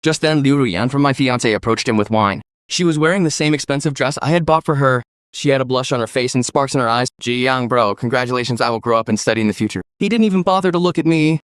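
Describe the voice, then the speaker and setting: A man's voice: mid-range voice, fast talker, a bit bright, smooth, no echo. A man narrating a first-person story recap, reading every character's lines in his own voice.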